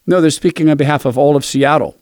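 A man's voice: on the high side, quick pace, a little mellow, no room sound, studio quality. A man giving sarcastic, mocking political opinion commentary. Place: Seattle area.

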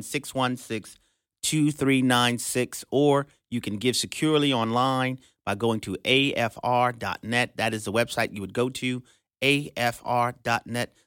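A man's voice: mid-range voice, sharp tone, dry recording, studio quality. A man hosting a radio fundraiser, speaking in an emphatic, preacherly way. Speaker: radio host.

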